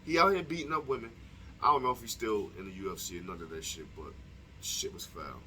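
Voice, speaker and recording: A man's voice: on the low side, fast talker, pushed and bright, slight background noise. A young man delivering a heated, profane opinion monologue to his viewers, firing off rhetorical questions. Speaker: vlogger. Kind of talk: casual opinion monologue to camera.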